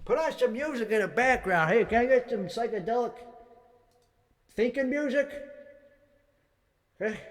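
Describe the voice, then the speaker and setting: A man's voice: extremely high pitch, expressive, moderate pace, long pauses. A man rambling through a profane, mock-boastful comedic monologue, a bit winded and out of breath. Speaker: comedic streamer.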